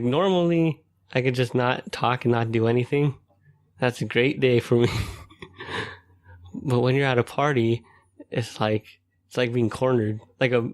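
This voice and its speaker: Chatty laughing man. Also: mid-range voice. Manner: laughs often, rambling with many fillers. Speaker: podcast co-host. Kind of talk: casual chat.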